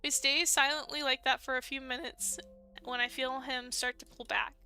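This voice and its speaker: A woman's voice: sits high, level tone, normal speed, sharp tone, soft background music. A young woman streaming a dating game, reading its narration aloud and reacting expressively, laughing and emotional. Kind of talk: let's play with read-aloud narration.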